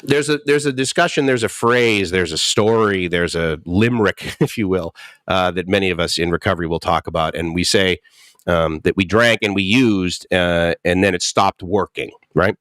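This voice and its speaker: A man's voice: low-pitched, normal speed, fairly bright tone, no echo, studio quality. A man in his fifties in recovery, telling his story candidly and animatedly, often chuckling and acting out quotes. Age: 50s. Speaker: guest speaker in recovery. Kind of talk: candid personal talk.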